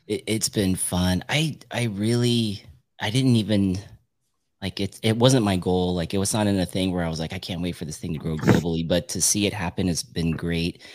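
A man's voice: low-pitched, normal speed, darkish tone. A man hosting a podcast in casual chat, upbeat and chatty, laughing often. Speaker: podcast host.

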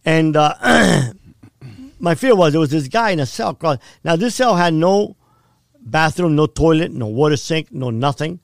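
Gravelly blunt-talking man. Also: fairly high pitch, expressive, measured pace, no echo, studio quality. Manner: blunt, vivid storytelling with frequent "right?". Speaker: podcast guest. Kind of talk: casual storytelling.

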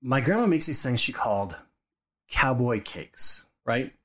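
Animated storytelling dad on a podcast. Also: male voice, mid-range voice, measured pace. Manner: animated storyteller, acts out quotes, laughs often. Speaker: podcast co-host. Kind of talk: casual storytelling chat.

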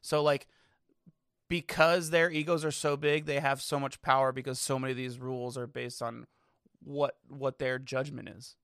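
A man's voice: medium pitch, level tone, normal speed, a bit bright, clear, resonant tone, dry recording, studio quality. A young man co-hosting a podcast, talking sports casually with blunt, profane remarks. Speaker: podcast co-host.

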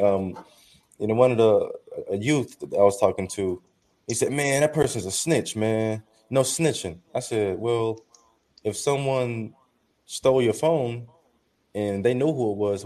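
Low-voiced man in earnest talk. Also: dark tone. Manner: earnest, tells stories with quoted dialogue. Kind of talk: casual chat.

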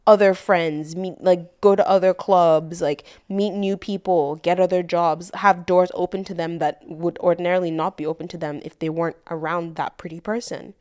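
A woman's voice: on the low side, steady tone, moderate pace, hardly any pauses, darkish tone, clear, resonant tone. A woman co-hosting a podcast, talking earnestly and thoughtfully in casual chat, often with "like" as filler. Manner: earnest, reflective, peppers speech with "like". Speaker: podcast co-host.

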